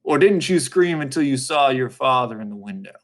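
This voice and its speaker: A methodical middle-aged defense lawyer, voiced by a man reading the story, asking measured, probing questions. The delivery is level and patient, in the reader's own mid-range voice. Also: medium pitch, animated, close to an everyday voice.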